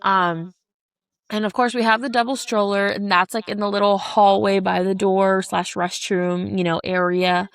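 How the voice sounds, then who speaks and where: A woman's voice: medium pitch, level tone, normal speed, clear, resonant tone, dry recording. A woman in her thirties co-hosting a podcast, telling a long story in casual chat, rambling with lots of "like" and restarts. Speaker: podcast co-host.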